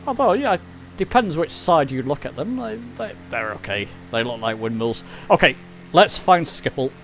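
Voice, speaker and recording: A middle-aged Englishman talks his viewers through a simulator flight in relaxed live commentary, chatty and quick to poke fun at himself. His voice sits a little high. A faint hiss of noise runs under the recording. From England. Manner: chatty, self-deprecating, reads chat aloud. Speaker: flight sim streamer.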